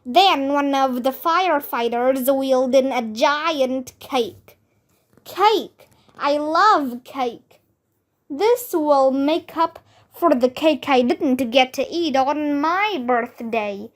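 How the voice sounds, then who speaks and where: A woman with a Vietnamese accent reads a children's chapter book aloud at an unhurried pace. Her voice sits high, and she lifts it into excited shouts for the characters. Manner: slow, expressive storybook reading with voiced shouts.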